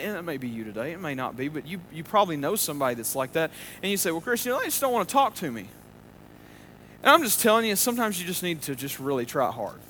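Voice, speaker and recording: Pastor, male, a bit high-voiced, loose chatty sermon delivery, faint rumble behind. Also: sharp tone. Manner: conversational, with many restarts and fillers.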